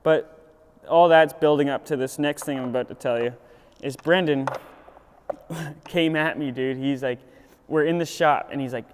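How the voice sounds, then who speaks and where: Young male skater, lively storyteller, smooth higher voice, recorded in a reverberant room. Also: a little slow, pauses often. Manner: animated, laughs a lot, acts out quotes. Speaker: pro skateboarder. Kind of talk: casual storytelling. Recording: echoey room with loud background noise.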